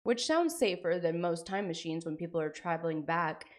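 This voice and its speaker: A woman's voice: lowish voice, lively intonation, normal speed. Rambling woman streamer chatting casually. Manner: rambling, lots of "like" and "frickin'". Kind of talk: casual live-stream chat.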